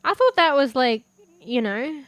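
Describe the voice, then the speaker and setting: A woman's voice: high voice, expressive, a little slow, fairly bright tone. A young woman streaming as a VTuber, chatting casually while eating, swearing freely and laughing often. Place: home room with a fan.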